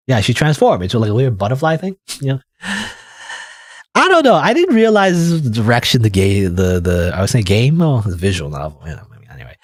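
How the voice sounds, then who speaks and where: A man with a lowish, slightly mellow voice reads a visual novel aloud and chats about it casually, rambling with plenty of "like" and "you know." It's relaxed let's-play commentary and narration, recorded dry.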